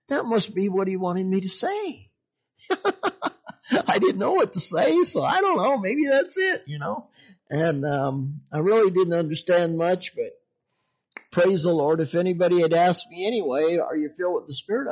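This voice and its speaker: A man delivers a sermon testimony in a folksy, storytelling way, chuckling often. His voice sits a little high. The recording is dull and muffled. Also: a little mellow. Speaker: preacher.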